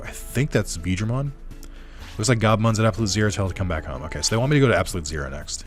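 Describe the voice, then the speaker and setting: A man's voice: deep voice, big pitch swings, fast, faint music behind. A man hosting a let's play, chatting casually and rambling with self-deprecating asides while he plays. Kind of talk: casual gameplay commentary.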